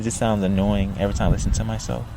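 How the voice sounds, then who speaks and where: Soft-voiced man, stretched syllables. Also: lowish voice, little pitch movement, very fast, gravelly, noisy background. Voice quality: soft, light voice. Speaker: poet, podcast guest. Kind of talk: poetry reading and casual chat.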